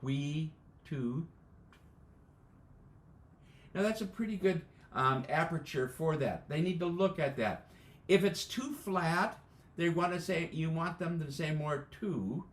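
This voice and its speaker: In a slightly high voice, a little slow, an American man teaches beginning band embouchure over a live video call from an echoey indoor room. As a band music educator, he demonstrates the technique methodically. He goes step by step, frequently filling gaps with "uh."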